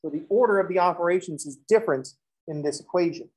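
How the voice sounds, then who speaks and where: A man's voice: high voice, fast, a little mellow, slightly rough, poor audio. A man teaching a math lesson in a classroom, moving from step-by-step explanation into chatty, joking stories and acted-out dialogues. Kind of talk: classroom lecture with joking asides.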